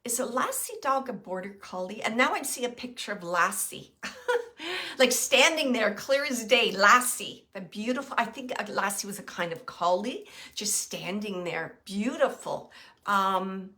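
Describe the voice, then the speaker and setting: A woman's voice: mid-range voice, expressive, a little slow, sharp tone. A woman doing a live psychic reading for viewers, hesitant and thinking aloud with many fillers as she describes her impressions. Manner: describes impressions as they come. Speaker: psychic medium.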